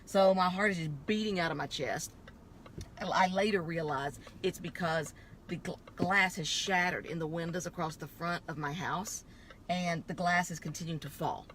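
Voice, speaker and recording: A woman telling a dramatic personal story in a lively way while driving, laughing often and acting out the voices of other people. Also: lowish voice, normal speed, a little hiss or hum. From Texas. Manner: animated, laughs often, acts out voices in quotes. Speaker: vlogger. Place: in a car.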